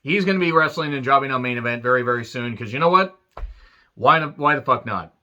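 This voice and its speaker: A man's voice: medium pitch, animated, fast, bright, forceful tone, lo-fi sound. A man ranting through a wrestling show recap with sarcastic crude jokes and frequent swearing.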